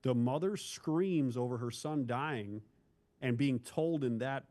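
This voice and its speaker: Speaking slowly in a mellow, medium-pitched voice, a man from Northeast Ohio who used to be a police officer shares a tough story from his career as an interview guest. He keeps it candid, blunt and casual, calling the host bro.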